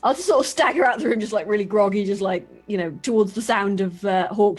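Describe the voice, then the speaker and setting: A woman's voice: mid-range voice, fast talker, hardly any pauses, husky, faint music behind. A woman taking her turn as a player in a tabletop game, offhand and giggly.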